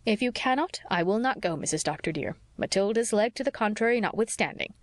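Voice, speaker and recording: A woman's voice: mid-range voice, expressive, a little fast, dry recording, clean studio sound, pitched above the performer's own voice, lightly acted. A woman voicing a fussy, devoted older housekeeper woman who frets in a homely, old-fashioned way, read for an audiobook. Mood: fretful.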